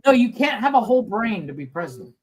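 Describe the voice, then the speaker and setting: A man's voice: sits high, sing-song, fast talker. A man co-hosting a casual live-stream movie commentary, amused and laughing often as he describes scenes. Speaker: co-host.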